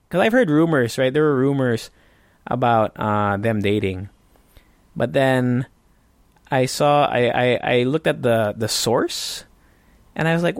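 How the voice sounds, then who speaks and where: A man's voice: mid-range voice, moderate pace, dry recording. A man hosting a casual solo podcast, rambling and swearing freely with frequent restarts. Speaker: podcast host.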